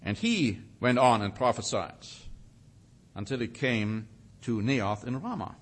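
A man teaching a sermon, reading scripture with rising emphasis and slowing down to stress single words. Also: mid-range voice, big pitch swings. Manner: reads scripture aloud with rising emphasis, then comments. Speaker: preacher.

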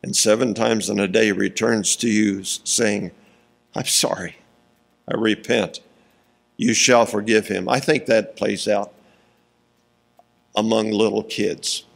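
A man preaching a sermon, reading scripture slowly and deliberately, pausing for emphasis and chuckling between points. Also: lowish voice, fairly even intonation, vocal fry.

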